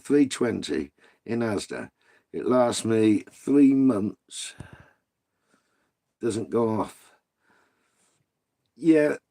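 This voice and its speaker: A middle-aged man with a mellow, mid-range voice chats casually on a live stream, reading viewer comments. He swears freely and banters with his audience.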